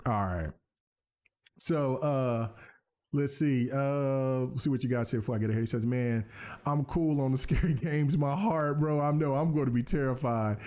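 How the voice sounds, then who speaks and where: A man hosting a casual gaming podcast stream, talking excitedly to his viewers and hyping up his own gameplay. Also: medium pitch, moderate pace. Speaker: podcast host. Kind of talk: casual livestream chat while gaming.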